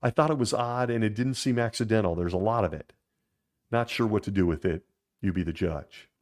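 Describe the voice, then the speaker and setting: A man hosting a critical commentary show, speaking in a blunt, sarcastic and openly emotional way, with sudden jumps in pitch when he gets worked up. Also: a little fast. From former Jehovah's Witness upbringing.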